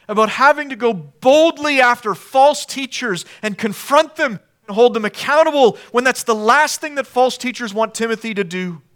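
A pastor delivering a sermon in a church, moving between quiet, hushed passages and raised, emphatic ones. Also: male voice, extremely high pitch. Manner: dynamic preaching, swinging from hushed to emphatic. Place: church sanctuary.

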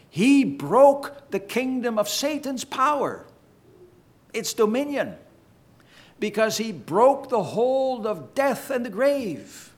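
A man preaching a sermon to his congregation, with an emphatic, deliberate cadence. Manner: emphatic, slow preaching cadence with sweeping pitch. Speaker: pastor.

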